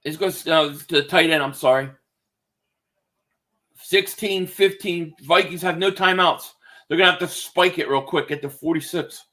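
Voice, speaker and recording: Excitable high-voiced male game streamer. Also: normal speed. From Philadelphia area. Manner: loose and excitable, swearing, reading chat aloud. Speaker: streamer reacting to a football game. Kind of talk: casual live-stream chat and play-by-play. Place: home, indoors.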